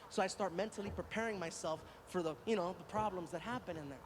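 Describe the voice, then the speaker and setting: A male stand-up comedian telling a long story, animated and acting out every voice. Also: high-pitched, fairly quick. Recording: noisy live stand-up recording.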